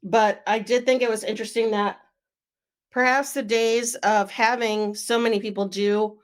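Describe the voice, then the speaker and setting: A young woman co-hosting a sports podcast, chatting casually and filling pauses with "um" and "like". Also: on the high side, fairly even intonation. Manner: chatty, frequent "um" and "like" fillers.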